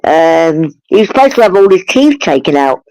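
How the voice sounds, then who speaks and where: A woman's voice: low-pitched, big pitch swings, moderate pace, mellow, dry recording, lo-fi sound. A woman with a London-area English accent, chatting casually as a guest on a live stream and ending remarks with tag questions. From England. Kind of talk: casual chat.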